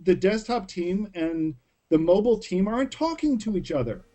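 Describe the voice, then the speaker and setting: Sarcastic male panelist, high voice, emphatic, video-call audio. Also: animated, normal speed, warm tone. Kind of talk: casual panel chat.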